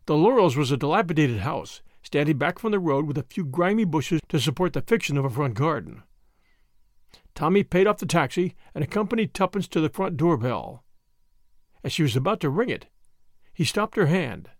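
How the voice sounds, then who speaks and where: A male audiobook narrator reading in a measured, expressive storytelling style. His voice sits a little high with a lively, animated rise and fall. The sound is close and dry. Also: no echo. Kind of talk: scripted narration.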